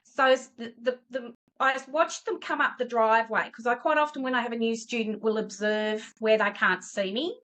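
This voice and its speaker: A woman's voice: fairly high pitch, normal speed, hardly any pauses, low-quality recording. A middle-aged woman, a tutor telling a story as an interview guest and acting out the voices of the people in it. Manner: animated, acts out quoted voices. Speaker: tutor and education business owner, interview guest.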